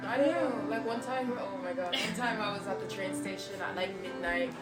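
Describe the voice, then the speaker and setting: A woman's voice: mid-range voice, fairly even intonation, a little fast. A nineteen-year-old woman, telling stories in a candid, casual conversation full of "like". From born in Germany, grew up in Ireland. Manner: casual, lots of "like" fillers, storytelling. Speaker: documentary subject. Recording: roomy, loud music underneath.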